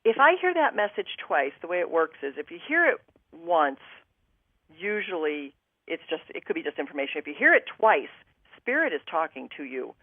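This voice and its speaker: A woman's voice: sits low, big pitch swings, moderate pace, no room sound, phone-quality sound. A woman guest telling a personal story on a talk show, acting out her own thoughts and what others said to her.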